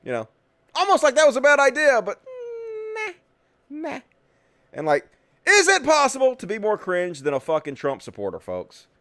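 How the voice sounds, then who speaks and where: A man's voice: very high voice, huge pitch swings, normal speed, fairly bright tone, dry recording, clean studio sound. A man hosting a political talk show, ranting with sarcasm and lots of swearing. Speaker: host.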